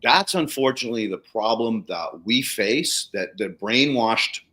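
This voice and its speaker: An animated man with a lively, wide-ranging voice spins a story on a casual livestream chat. He acts out the people he quotes and swears freely as he goes. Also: lowish voice, a little slow, poor audio. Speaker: podcast host, soil treatment practitioner.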